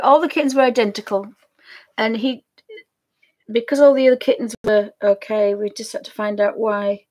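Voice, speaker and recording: A woman's voice: mid-range voice, dark tone. Rambling, chatty Yorkshire woman. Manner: rambling, chatty, wandering off mid-sentence. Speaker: craft vlogger. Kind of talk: casual chat to camera.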